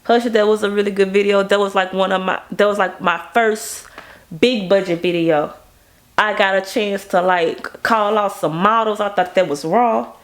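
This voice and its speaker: A woman, a music video director, telling stories in a casual interview with animated energy. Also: a little slow. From Baton Rouge, Louisiana. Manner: animated, acts out quoted people in a higher voice.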